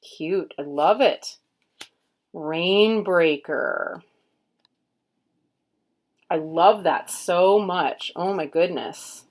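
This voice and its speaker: Slow, low-voiced woman unboxing cards. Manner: unhurried, murmurs card names aloud, admiring. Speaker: tarot reader and channel host. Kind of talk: casual unboxing commentary.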